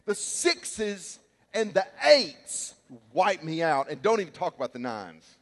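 A man with a high, lively voice delivers a sermon in a church sanctuary, telling a personal story and acting out the shouts and quotes in it. His voice carries a long reverb from the large hall. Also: unhurried. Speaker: pastor.

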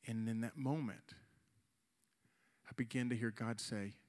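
A man in his forties, a youth pastor, preaching an earnest sermon with an altar call, slowing down for emphasis and pleading with the room. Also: medium pitch, fairly even intonation, darkish tone.

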